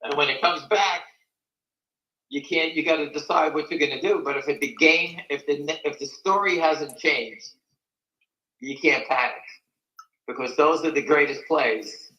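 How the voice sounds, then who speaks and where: A man's voice: fairly high pitch, a little slow, sharp tone, reverberant, dull audio. An older man hosting a live stock market talk show, blunt, folksy and rambling.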